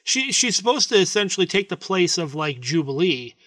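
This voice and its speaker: A man co-hosting a casual movie podcast, calmly explaining a point. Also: sits high, a little fast, dry recording. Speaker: podcast co-host.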